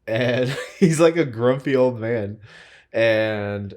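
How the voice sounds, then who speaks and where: A man's voice: medium pitch, takes it slowly. A young man co-hosting a casual podcast chat with his wife, telling stories with lots of laughter and quoted voices. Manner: animated storyteller, laughs often, quotes people with voices. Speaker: podcast co-host.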